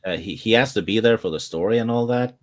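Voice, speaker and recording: Deep-voiced man, hesitant casual talk. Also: quick pace. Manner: hesitant, with many "uh"s and repeated words. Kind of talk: casual chat.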